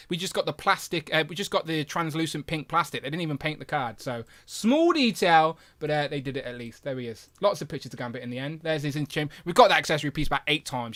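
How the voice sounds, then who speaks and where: Bright, lively man hosting. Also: a little high. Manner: chatty and enthusiastic, with frequent fillers; animated, with big jumps in loudness. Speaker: host of a toy review live stream. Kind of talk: casual live-stream chat.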